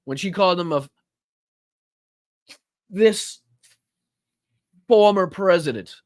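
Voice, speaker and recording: A man's voice: high voice, slow pace, dry recording, clean studio sound. A man hosting a political podcast in casual commentary, profane and incredulous, cutting into clips to react. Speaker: podcast host.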